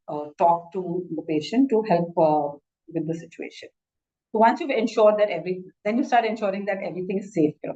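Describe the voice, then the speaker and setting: A woman's voice: medium pitch, mellow, highs cut off. A woman doctor with an Indian English accent giving an instructive lecture, often saying "you know" and restarting her sentences. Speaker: doctor teaching a masterclass.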